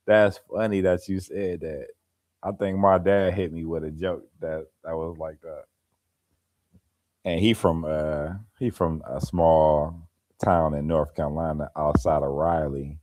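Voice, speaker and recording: A man's voice: very deep voice, fairly even intonation, a little slow, darkish tone. A laid-back man chatting casually on a live stream, telling stories and laughing as he goes. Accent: African American Vernacular English. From American Midwest or East Coast. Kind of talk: casual chat.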